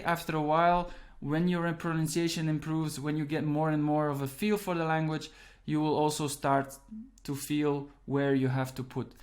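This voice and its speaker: A man teaching an online grammar lesson, explaining patiently step by step and checking in with "right?" and "okay". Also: a little high. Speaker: Dutch language teacher.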